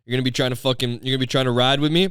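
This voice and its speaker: A man who is a comedian and podcast host, telling a rambling, profane story in a deadpan, digressive way. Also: mid-range voice, racing, smooth, dry recording, studio quality.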